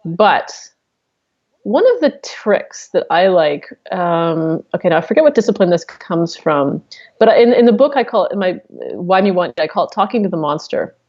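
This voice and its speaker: A woman's voice: on the low side, animated, normal speed, a little mellow, highs cut off. A woman coach speaking as an interview guest, explaining her methods candidly and swearing casually.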